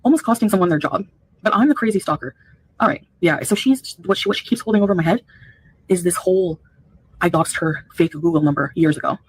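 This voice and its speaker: A woman from Canada talks fast and indignantly as she defends herself on a live stream. Her voice is husky and fairly low. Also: poor audio.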